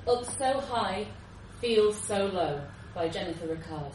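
A woman giving a lively, expressive live reading of a short story. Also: mid-range voice, unhurried, noisy background. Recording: roomy, distant live recording.

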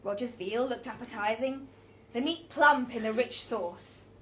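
A woman reading a story aloud, with expressive, unhurried delivery and small restarts. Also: a little high, slight background noise. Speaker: narrator.

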